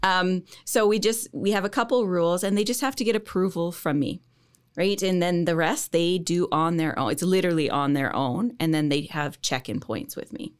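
A woman college instructor speaks in an interview with a slightly low voice. She is enthusiastic and laughs often as she explains her teaching. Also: moderate pace, clear, resonant tone. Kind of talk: podcast interview.

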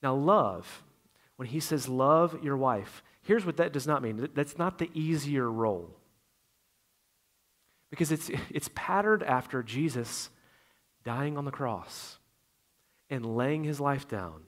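A middle-aged man preaching a sermon in a conversational way, swinging between loud emphasis and quiet asides. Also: medium pitch, expressive, measured pace, long pauses. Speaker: pastor.

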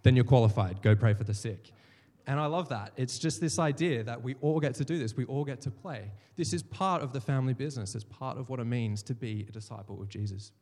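A male pastor preaches in a church hall, his mid-pitched voice carrying a long reverb tail. He tells stories and slips into the voices of the people he quotes. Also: quick pace, hardly any pauses, a little mellow. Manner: storytelling, acts out quoted voices. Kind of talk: sermon.

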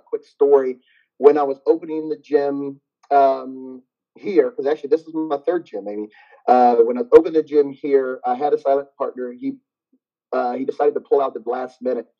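A middle-aged man, a gym owner, telling stories animatedly as a guest in a casual interview and laughing often. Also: medium pitch. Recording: dull lo-fi sound.

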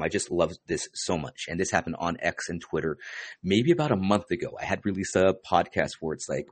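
A man with a very low voice hosts a podcast in an easygoing, casual way. He drops "dude" often and fills his pauses with "um" and "uh". The sound is close and dry, with no room around it. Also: no room sound. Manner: laid-back, says "dude" a lot, many fillers. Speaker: podcast host.

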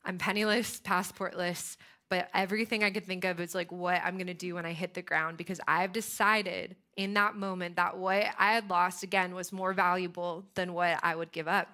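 Young American woman preaching through personal story, animated and conversational, with a bright tone. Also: lowish voice, normal speed. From United States. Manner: animated, chatty storytelling with frequent fillers. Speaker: speaker. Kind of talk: storytelling sermon.

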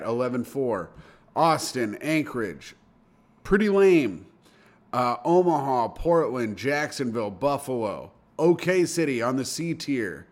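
A man from Indiana hosting a casual comedy podcast, joking and rattling off lists. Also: medium pitch. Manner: jokey, rattles off lists in rapid fire. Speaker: podcast host.

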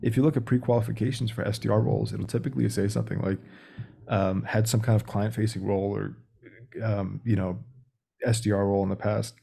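A man's voice: lowish voice, steady tone, fairly quick, vocal fry, warm tone, husky. A young man speaking as a podcast guest about sales, talking directly and acting out phone calls. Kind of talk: casual interview talk.

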